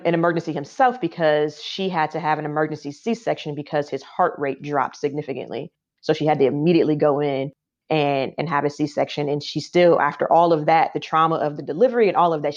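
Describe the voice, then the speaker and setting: A woman as a podcast guest, telling a personal story in a heartfelt, emotional way with many fillers. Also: sits low. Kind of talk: casual interview storytelling. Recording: dull lo-fi sound.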